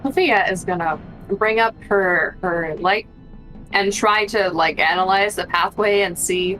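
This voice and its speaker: A woman's voice: mid-range voice, unhurried, a bit bright, soft background music, low-quality recording. A woman playing a tabletop game, thoughtfully explaining what her character does. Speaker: player. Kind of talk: casual tabletop play.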